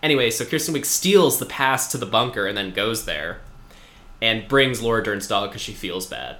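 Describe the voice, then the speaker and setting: Bright, rambling man in an echoey room. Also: lowish voice, expressive, normal speed. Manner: rambling, filler-heavy storytelling with wry asides. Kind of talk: casual chat recapping a TV episode.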